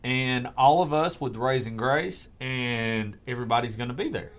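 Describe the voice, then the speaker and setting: A man's voice: mid-range voice, lively intonation, normal speed, a bit bright. A man hosting a casual podcast chat, talking with enthusiastic, profane energy while promoting upcoming shows.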